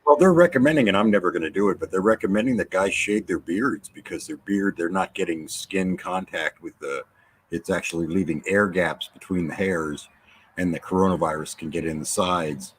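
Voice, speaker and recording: A man's voice: sits low, brisk, breathy edge. A man hosting a casual chat, joking around in an easygoing way. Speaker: host.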